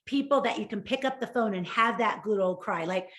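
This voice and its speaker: A woman's voice: mid-range voice, a little fast. A woman co-hosting a live shopping broadcast, telling stories in an effusive, heartfelt way. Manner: warm, effusive storytelling. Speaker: co-host.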